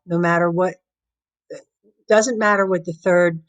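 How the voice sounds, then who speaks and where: A woman math teacher explaining a lesson step by step, patiently counting out loud and using playful everyday examples. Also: fairly low pitch, fairly even intonation, a little slow, pauses often, rough recording.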